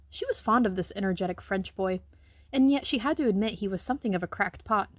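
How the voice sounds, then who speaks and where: Woman reading a picture book to children, husky tone and dry sound, gentle and expressive. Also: medium pitch, brisk, dry recording. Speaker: reader. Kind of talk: children's book read-aloud.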